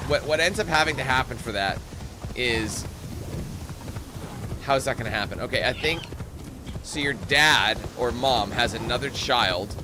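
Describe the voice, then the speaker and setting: A man's voice: mid-range voice, noisy background. A man from Canada giving joking, profane gameplay commentary in a rambling, playful way. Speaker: gaming commentator. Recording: game music loud underneath.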